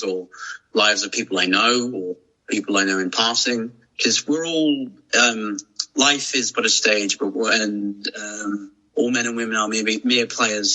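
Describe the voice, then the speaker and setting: A man's voice: fairly low pitch, pushed and bright, rough recording. A man, a podcast guest talking casually and reflectively, with many restarts and fillers. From England. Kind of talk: casual chat.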